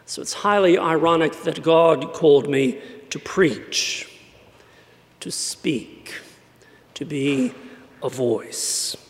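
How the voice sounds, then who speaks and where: A man's voice: fairly high pitch, slow pace, pauses often. A man from San Antonio preaching a sermon in a wry, conversational way. His light voice is often mistaken for British. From San Antonio, Texas. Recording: long church reverb.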